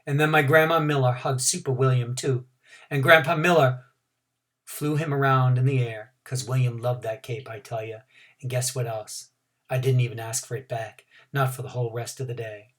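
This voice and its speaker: A man, a teacher, reading a children's storybook aloud in an animated, expressive way. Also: medium pitch, moderate pace.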